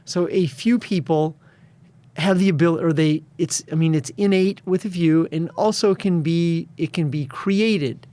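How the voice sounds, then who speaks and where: Man, interview guest, confident, emphatic, acts out quotes, slightly high voice. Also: unhurried, mellow. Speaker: guest, success and addiction coach. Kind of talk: interview conversation.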